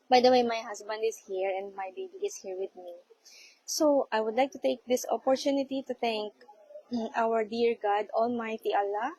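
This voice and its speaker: A woman in her forties with a Filipino accent speaks to her livestream viewers. Her voice sits a little high, and she talks politely and warmly, often pausing or restarting her sentences. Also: low-quality recording. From Philippines. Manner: polite and heartfelt, with frequent hesitations. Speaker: low-carb vlogger. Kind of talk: casual livestream talk.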